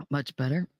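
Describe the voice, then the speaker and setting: A woman's voice: low-pitched, noisy background. A woman hosting a casual livestream, telling a funny memory and breaking into helpless laughter again and again. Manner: laughing helplessly through her story. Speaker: livestream host. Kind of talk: casual storytelling chat. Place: room at home.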